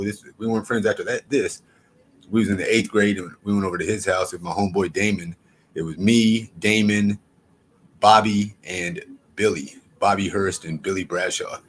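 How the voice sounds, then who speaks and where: A man's voice: fairly low pitch, slight background noise. A man livestreaming, telling a story casually to his chat in a profane, rambling way with frequent restarts.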